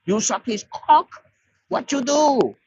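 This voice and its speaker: A man's voice: very high voice, expressive, slow pace, darkish tone, breathy edge, dull audio, voice pushed up, heavily acted. A man voicing a drunk, jealous foreign man who accuses his girlfriend in broken pidgin English. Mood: accusing.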